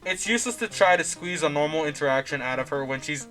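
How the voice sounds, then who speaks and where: A man voicing a trio of helpful female demon hounds in a game, giving calm, matter-of-fact advice. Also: a little high, fast talker, faint music behind.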